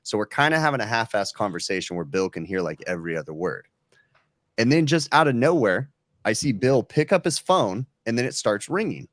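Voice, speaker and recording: A man co-hosting a casual podcast, telling a funny story with lively swings and acted-out quotes, swearing freely. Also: on the low side, brisk, no room sound, studio quality. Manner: animated, swearing, acts out quoted voices. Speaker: podcast co-host.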